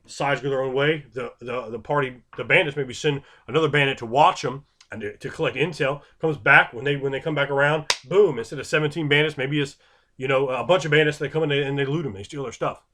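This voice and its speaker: An animated man in a mid-pitched voice talks loosely through game master advice. He keeps it casual and unscripted, tossing in sound-effect words and quick bits of acted speech. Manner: animated and conversational, acts out quick voices for players.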